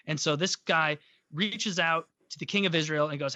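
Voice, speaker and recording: A man with a bright, forceful, fairly high voice retells a story in a casual, irreverent way and swears freely. The sound is dry and somewhat dull. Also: normal speed, no echo. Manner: irreverent, profane, joking. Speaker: podcast host.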